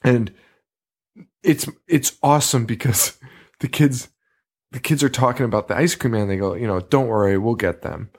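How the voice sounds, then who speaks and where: A man's voice: medium pitch, moderate pace, long pauses, slightly rough. A man co-hosting a podcast, rambling through a movie review in casual chat and swearing freely in exasperated, sarcastic asides. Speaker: podcast co-host.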